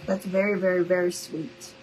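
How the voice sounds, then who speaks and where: A woman's voice: lowish voice, little pitch movement, moderate pace, darkish tone, slight background noise, poor audio. Chatty New woman crafting. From New Orleans, Louisiana. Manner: chatty, affectionate, calls viewers y'all and honey. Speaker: craft livestream host. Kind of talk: casual livestream chat while crafting.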